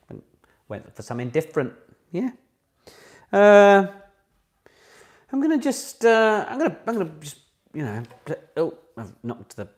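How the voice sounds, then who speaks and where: A man hosts a relaxed online pub quiz from home, speaking at a medium pitch. He chats and mocks himself with jokey asides between questions. His voice comes through a home computer mic on a video call. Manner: chatty, self-mocking, jokey asides. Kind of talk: casual online quiz hosting.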